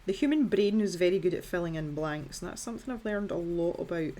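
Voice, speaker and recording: A woman's voice: lowish voice, expressive, quick pace, mellow. A Scottish woman in her thirties, talking casually through a colouring tutorial in a chatty, self-deprecating way. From Scotland. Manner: chatty and self-deprecating, with filler words and restarts.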